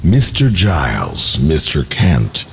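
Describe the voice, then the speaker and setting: A man voicing the Whiskey God, a solemn male whisky deity, reading slow tasting notes in a mock Irish accent with a deep gravelly drawl. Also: wildly swooping pitch, a little hiss or hum, heavily acted. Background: music.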